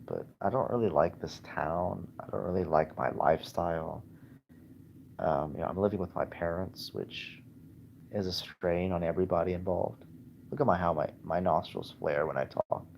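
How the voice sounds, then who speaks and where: A man with a very low voice rambles from his bed in a casual livestream, halting, restarting and self-deprecating. The recording is dull and lo-fi, with a faint hiss beneath it. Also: gravelly. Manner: hesitant, halting, lots of fillers and restarts. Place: in bed at home.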